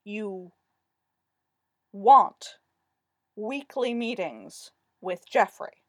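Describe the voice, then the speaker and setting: A woman's voice: mid-range voice, animated, drawn-out words, dry recording, studio quality. A woman voicing a firm, no-nonsense female festival business director in a story reading. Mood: doubtful. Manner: firm, sternly patient.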